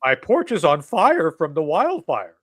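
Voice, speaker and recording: A snobbish wealthy old man with a lazy upper-crust drawl, as a man puts him on. The vowels are long and lofty, with a lively lift in pitch. It comes across a little louder and more distant than normal speech. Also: no echo, studio quality, heavily acted. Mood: mock-haughty. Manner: haughty, drawn-out upper-class diction.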